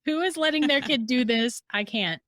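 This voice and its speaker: A woman's voice: high voice, moderate pace, no echo, studio quality. Woman telling a story, laughing along. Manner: lively, laughs through her story. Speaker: guest. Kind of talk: storytelling in a podcast interview.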